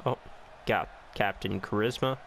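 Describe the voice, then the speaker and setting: A man giving casual commentary over a wrestling video game, excitable and full of gasps, with joking, sarcastic asides. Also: on the low side, a little slow, creaky, a little hiss or hum, low-quality recording. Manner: excitable, reacting with gasps and swearing. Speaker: gameplay commentator. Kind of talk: casual let's-play commentary.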